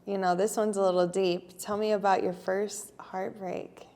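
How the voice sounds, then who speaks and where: A woman's voice: mid-range voice, little pitch movement, moderate pace, a little mellow. A woman in her twenties co-hosting a podcast, talking frankly in a casual, chatty way. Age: 20s. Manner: chatty, frank, many "like" fillers. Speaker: podcast co-host. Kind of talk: casual chat.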